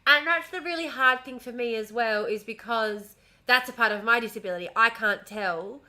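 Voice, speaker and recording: On a casual home stream, an Australian woman swears freely and talks with a smile into her desk mic in a room at home. She speaks at normal speed in a slightly high, bright, forceful voice.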